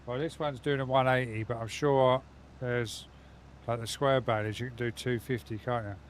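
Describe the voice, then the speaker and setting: Bloke on a game stream, just chatting away to chat, mid pitched, bit of faint noise behind. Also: male voice, fairly even intonation, normal speed. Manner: chatty, rambling, talks straight to his viewers. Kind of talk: casual live gaming stream chat.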